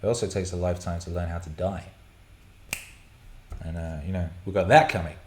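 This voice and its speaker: A man's voice: deep voice, steady tone, a little fast, a little mellow, a little hiss or hum. A man hosting a casual live stream, reading chat questions and rambling, swearing and laughing often. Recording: roomy echo.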